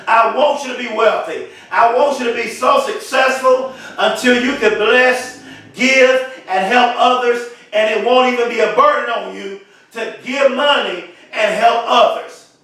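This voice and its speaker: A man giving an impassioned motivational speech, repeating phrases and swelling into shouts. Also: extremely high pitch, a little slow. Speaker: motivational speaker. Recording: very echoey, voice far from mic.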